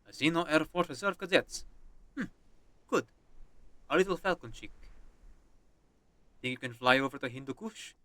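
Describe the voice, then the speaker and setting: A man voicing a stern, dependable army officer who speaks in a measured, warning tone. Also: on the high side, animated, sharp tone, dry recording.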